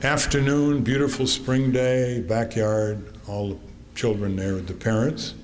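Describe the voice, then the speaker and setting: A man in his eighties from Connecticut, giving a talk to an audience and telling wry family anecdotes with frequent pauses. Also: mid-range voice, steady tone. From Connecticut, USA. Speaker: author giving a public talk. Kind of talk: storytelling speech to an audience. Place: theater stage. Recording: long theater reverb, faint noise.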